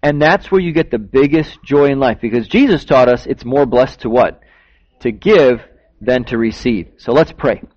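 A man's voice: medium pitch, moderate pace, a little mellow. A man telling a story to children during a church service, acting out the people in it and asking the kids questions. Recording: dull lo-fi recording.

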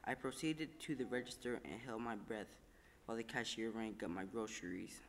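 A man reading a first-person story aloud in calm, measured narration, with a few small slips. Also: on the low side, in a large hall, slight background noise. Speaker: reader.

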